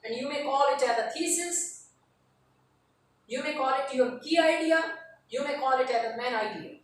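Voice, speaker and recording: A high-voiced woman lectures on writing, heard from some distance away. The room is very echoey and has a faint hiss behind her. She explains each step plainly and repeats the key terms. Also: moderate pace. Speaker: writing teacher. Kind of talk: classroom lecture.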